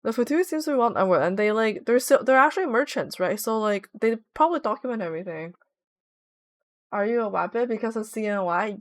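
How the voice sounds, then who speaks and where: A woman's voice: fairly high pitch, animated, fairly quick. A woman streaming a game, chatting casually and giggling as she reads viewer messages aloud. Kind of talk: casual livestream chat.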